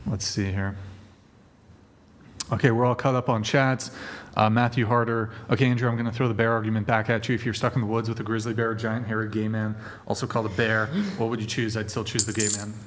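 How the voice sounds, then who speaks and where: A man's voice: fairly low pitch, level tone, fast. A man hosting a live stream, ranting casually with heavy swearing and frequent laughter. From Italian heritage. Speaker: host.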